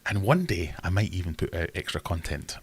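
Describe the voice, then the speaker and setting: A man's voice: low voice, big pitch swings, fairly quick, husky, no echo. A man hosting a casual live stream, chatting in a rambling, self-deprecating way.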